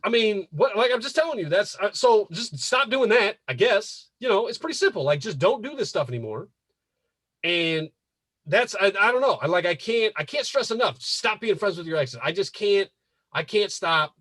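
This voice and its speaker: Husky high-voiced man ranting. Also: expressive, normal speed, fairly bright tone, no echo. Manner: emphatic, repetitive, profane. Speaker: podcast host. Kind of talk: casual podcast rant.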